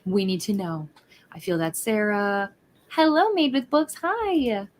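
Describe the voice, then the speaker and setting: Woman, stream host, casual chat, greets viewers, talking from bed, mid pitch. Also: expressive, a little slow, a little hiss or hum. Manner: chatty, reads out chat greetings. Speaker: livestream host. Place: in bed at home.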